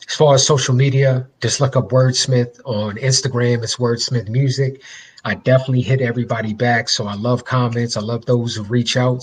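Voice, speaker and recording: A man's voice: lowish voice, a little hiss or hum. A man speaking as a guest musician in a casual interview, upbeat and slangy as he promotes his work.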